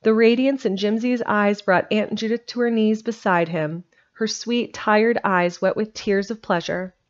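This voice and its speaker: A woman narrating an old storybook chapter with a gentle, expressive reading style. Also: medium pitch, measured pace. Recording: dull lo-fi home recording.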